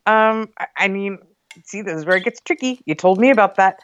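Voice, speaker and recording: A woman co-hosting a podcast in casual chat, quick to agree and laugh along. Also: medium pitch, no echo, muffled recording. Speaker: podcast co-host. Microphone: remote recording.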